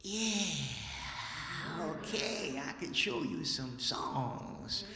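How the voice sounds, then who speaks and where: A storyteller doing a cagey old bluesman who drags out his words and plays hard to get. His voice rides a little higher than the teller's own, and it rings off a big hall with a long tail of reverb. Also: expressive, very slow, a crowd in the background, full character voice. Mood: sly. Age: older. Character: sly old male country bluesman, haggling. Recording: echoey hall.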